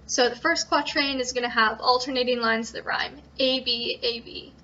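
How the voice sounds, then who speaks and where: A woman's voice: a little high, fairly even intonation, moderate pace, bright, forceful tone. A young woman explaining how to write a sonnet in an informal tutorial, hesitant, with frequent ums and self-corrections. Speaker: student presenter. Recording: dull lo-fi recording.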